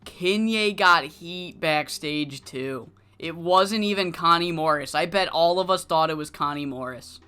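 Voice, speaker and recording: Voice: mid-range voice, a little slow, few pauses, pushed and bright, clear, resonant tone, faint music behind. A narrator casually recapping the results of a wrestling management game, with the odd curse word. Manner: casual, recapping, mildly profane. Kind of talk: let's play commentary of a wrestling management sim.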